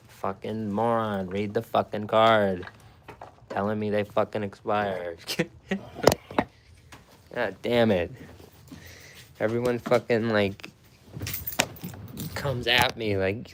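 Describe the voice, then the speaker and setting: A man's voice: lowish voice, fairly even intonation, takes it slowly, long pauses, a little hiss or hum. A young man streaming live, chatting casually with his viewers and swearing a lot. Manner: profane, talks to chat.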